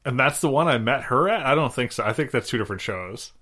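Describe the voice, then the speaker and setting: A man's voice: mid-range voice, lively intonation, fast, pushed and bright. A male podcast guest, laid-back, laughing easily as he trades crude stories. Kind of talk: casual crude banter.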